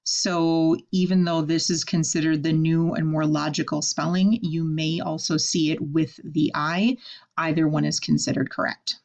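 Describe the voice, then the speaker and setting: A woman teaching a French vocabulary lesson, saying each word slowly and then explaining it in casual English. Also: deep voice, steady tone, creaky, a little mellow.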